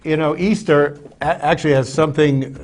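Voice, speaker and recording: A man hosting a casual talk show, rambling and joking with many halting restarts. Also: on the high side, steady tone, slight background noise. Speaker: show host. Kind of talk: casual chat.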